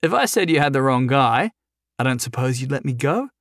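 A man's voice: medium pitch, dry recording, clean studio sound. A man doing a wisecracking captive hero. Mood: mocking. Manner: sarcastic, quick, lively. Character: chained young man, wisecracking and nervously flippant.

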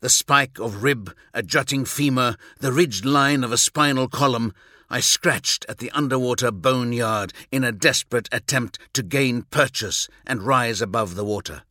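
A man reading a scripted first-person audiobook story, with measured, intense and vivid delivery. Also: mid-range voice, sharp tone, no room sound, studio quality. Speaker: audiobook narrator.

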